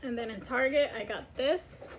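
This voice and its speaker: A woman's voice: a little high, normal speed, slight background noise. A woman vlogging casually at home as a mother, chatty and rambling with many fillers. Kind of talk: casual chat. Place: home, indoors.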